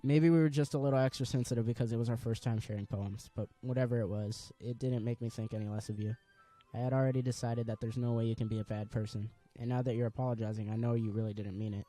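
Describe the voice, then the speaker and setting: A man's voice: mid-range voice, fairly even intonation, fast, dark tone, soft background music. A man casually reading a visual novel aloud for a let's-play video, dropping in wry asides.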